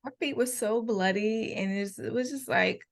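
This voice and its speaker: A woman's voice: a little high, moderate pace. A young adult woman co-hosting a podcast in casual chat, teasing and laughing often. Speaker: podcast co-host.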